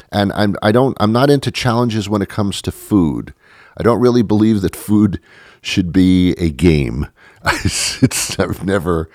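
Sitting low with a darkish tone, a male podcast host riffs sarcastically and aimlessly, often cutting himself off to begin again. There's no echo, and the audio is studio quality.

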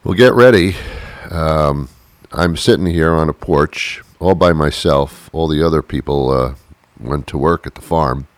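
Deep-voiced man rambling deadpan jokes. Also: unhurried, no echo. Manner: deadpan, rambling, mock-confused asides. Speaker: comedian. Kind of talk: rambling comic monologue. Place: sitting on a porch outdoors.

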